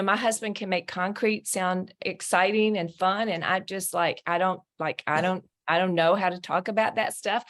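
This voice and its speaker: A middle-aged woman guest, a ministry founder, speaking earnestly in a conversational interview and telling her story with animated emphasis. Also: mid-range voice. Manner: earnest, animated storyteller who acts out quoted voices.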